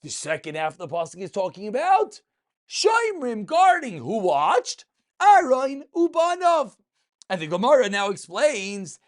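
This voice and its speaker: A man, a rabbi teaching a daily Talmud class, who asks questions and answers them himself and repeats the key points in a sing-song study-hall cadence. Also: high-pitched. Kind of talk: animated Talmud lesson.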